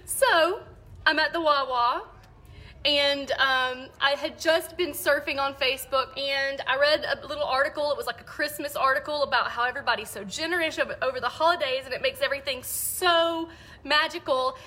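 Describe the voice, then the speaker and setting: A woman's voice: sits high, normal speed, pushed and bright. A young woman telling a funny story casually to her viewers, keeps breaking into laughter. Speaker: vlogger.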